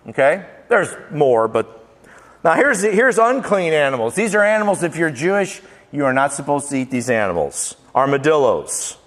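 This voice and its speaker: In a church sanctuary with long hall reverb, a male pastor delivers a casual, humorous sermon, folksy and joking as he rattles off lists with playful emphasis. His voice runs on the high side, slightly bright, at normal speed with big pitch swings.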